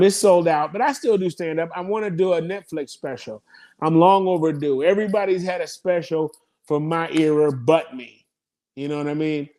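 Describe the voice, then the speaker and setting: A man, a comedian telling stories in a casual interview, profane and quick to laugh between rambling asides. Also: a little high, darkish tone. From United States. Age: 50s. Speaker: comedian guest.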